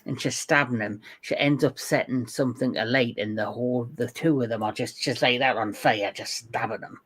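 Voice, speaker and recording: A co-host in a casual film discussion, recapping scenes step by step with casual swearing. The voice sits at an ordinary middle pitch. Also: normal speed, a bit bright, slightly rough.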